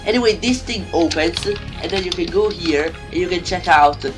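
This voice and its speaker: A man chats his way through a game map tour in a loose, rambling, excitable way. His voice carries the roughness of someone a little sick and just out of bed. Music plays clearly under him. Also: high voice, normal speed. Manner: rambling, excitable, self-deprecating. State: slightly sick, just woke up. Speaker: Minecraft map-making YouTuber. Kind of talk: casual gameplay commentary.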